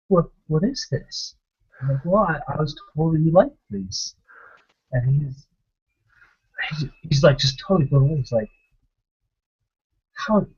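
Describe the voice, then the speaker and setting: Young man, husky voice, casual storytelling, acts out quotes, dull lo-fi webcast sound. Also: mid-range voice. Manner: animated anecdote-telling, acting out quotes. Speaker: co-host of a tabletop gaming show.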